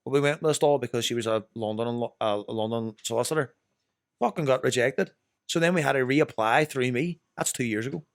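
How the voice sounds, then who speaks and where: A man's voice: mid-range voice, a little fast, gravelly, dry recording, studio quality. A young Northern Irish man telling rambling, sweary stories as a podcast guest. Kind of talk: casual chat.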